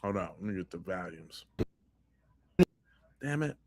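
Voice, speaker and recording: A man's voice: deep voice, animated, measured pace, noisy background. A man hosting a podcast, giving blunt, profane commentary on video clips and often repeating and restarting his phrases. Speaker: podcast host.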